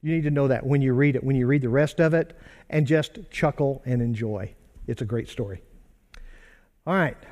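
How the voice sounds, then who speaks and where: A man's voice: medium pitch, normal speed, a little mellow, long reverb tail. A man preaching a sermon in a conversational way, asking rhetorical questions and answering them himself. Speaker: pastor.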